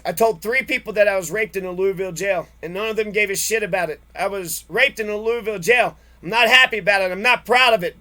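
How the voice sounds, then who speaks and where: Here a man with a high-pitched, bright voice speaks with real force. He is furious, retelling his personal story in an extended monologue packed with curses and repeated lines.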